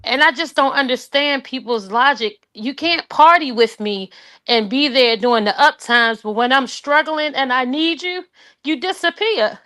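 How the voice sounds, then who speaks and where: Tearful woman with a bright, clear voice. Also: high-pitched. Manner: halting, raw and emotional. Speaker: guest sharing her grief. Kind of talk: personal testimony on a call.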